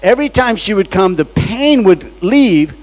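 A man's voice: sits high, very animated, moderate pace, darkish tone, poor audio. A man preaching as a guest in church, telling a story dramatically and acting out the voices he quotes. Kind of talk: storytelling sermon. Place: church sanctuary.

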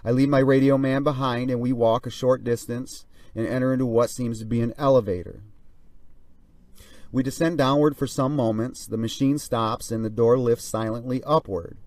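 A man reads a pilot's diary aloud in a steady, measured first-person voice. His mid-range voice sits a little back from the microphone. The room around it is dry and dead. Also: medium pitch, no room sound, far from the mic. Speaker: narrator. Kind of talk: reading a flight diary aloud.

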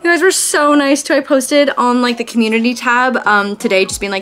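A woman's voice: a little high, fairly even intonation, fairly quick, few pauses, fairly bright tone, faint music behind. A young woman vlogging in a casual, chatty way, exclaiming often and swearing in passing. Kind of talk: casual vlog chat.

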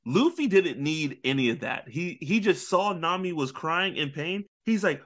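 A man co-hosting a casual pop-culture podcast, retelling anime scenes with lively storytelling and acted-out character lines. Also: on the high side, moderate pace. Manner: animated storytelling, acting out characters with big voice jumps. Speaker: podcast co-host.

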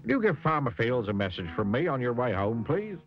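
A man's voice: mid-range voice, very animated, fairly quick. A man doing a polite village policeman. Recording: dull lo-fi recording, music behind.

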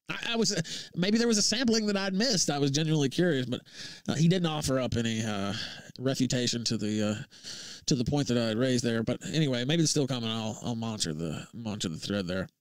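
A man hosting a livestream, reading out tweets and breaking into a loud, profane rant. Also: medium pitch, lively intonation, brisk, smooth, dry recording, studio quality. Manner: profane, heated, laughs between lines. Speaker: livestream host.

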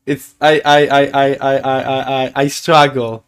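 A man streaming live who chats casually with his viewers, playful and excitable, often stumbling over his words and repeating himself. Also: medium pitch, a little slow, few pauses. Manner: excitable, stammering, playful, greets chat.

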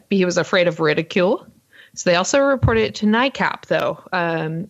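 A woman co-hosting a podcast, recounting a story in a casual, fast, filler-heavy way. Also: lowish voice, highs cut off. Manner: fast-talking, lots of ums and uhs. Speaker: podcast co-host.

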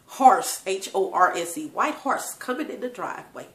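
A woman's voice: mid-range voice, expressive, a little slow. Tearful woman telling family stories. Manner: tearful, laughing often, talks to viewers. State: crying at times. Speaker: channel host. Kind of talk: emotional personal storytelling. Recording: echoey room.

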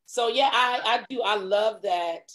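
A middle-aged woman, a comedic actress, telling stories in a casual interview and acting out quotes with lively voice jumps. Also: fairly high pitch, unhurried. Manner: animated, acts out quotes with big voice jumps.

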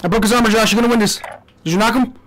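A young man streaming a shooter game, commenting loudly with profane trash talk and sudden yelps. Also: sits high, rapid-fire, a little hiss or hum. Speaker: gaming streamer. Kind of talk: live gameplay commentary.

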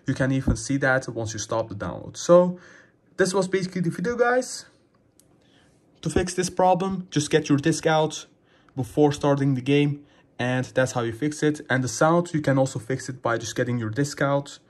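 A man's voice: medium pitch, moderate pace. A young man hosting a casual gaming tip video, rambling and calling his viewers guys, a little out of breath. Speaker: gaming channel host.

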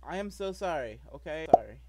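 Lively, high-voiced man talking over a game. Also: a little fast, very noisy. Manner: rambling, jumpy and apologetic. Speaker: gameplay video maker. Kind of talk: gameplay commentary.

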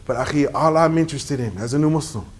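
A man's voice: fairly high pitch, fast talker. A man delivering a sermon, telling stories with emphasis and dropping in Arabic phrases. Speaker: preacher.

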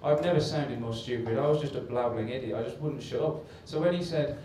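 This stand-up comic has a medium-pitched voice and talks a little fast, barely pausing as he rambles through a self-deprecating tale. His club set was captured from far away, with echo and hiss.

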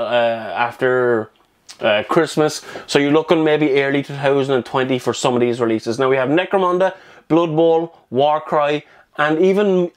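A man hosting a casual hobby news video, talking in a chatty, rambling way with fillers and restarts, a little out of breath. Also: on the high side.

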